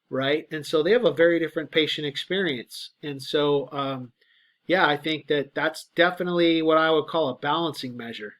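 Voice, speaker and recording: A man's voice: a little high, fairly bright tone. Man lecturing casually, fillers and tag questions. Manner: conversational, explains with many fillers and "right?" checks. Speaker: guest lecturer. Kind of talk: lecture to graduate students.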